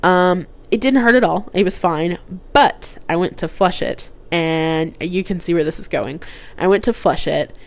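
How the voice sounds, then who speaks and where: A woman's voice: fairly low pitch, unhurried, vocal fry. A young woman rambling through embarrassing personal stories in casual chat, with lots of "like" and restarts. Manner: rambling, chatty, heavy use of "like". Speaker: host telling personal stories. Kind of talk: casual storytelling.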